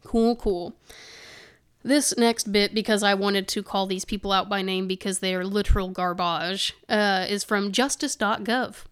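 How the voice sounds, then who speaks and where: A woman's voice: mid-range voice, steady tone, normal speed, few pauses, fairly bright tone, clear, resonant tone. Woman reading news with indignant asides. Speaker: podcast co-host. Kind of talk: casual chat, reading news excerpts aloud.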